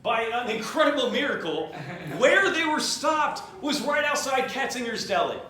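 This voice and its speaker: A man's voice: very high voice, big pitch swings, normal speed, a crowd in the background. A man telling a history story at a party in a loose, joking, rambling way, acting out the voices of the people in it. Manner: rambling, jokey, acts out quoted voices. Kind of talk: comedic drunk history retelling. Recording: very echoey room with faint noise.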